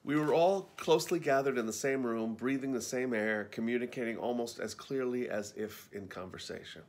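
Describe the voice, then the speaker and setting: A man's voice: mid-range voice, moderate pace, a little hiss or hum. Wry man narrating his own memoir. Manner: wry, conversational storytelling.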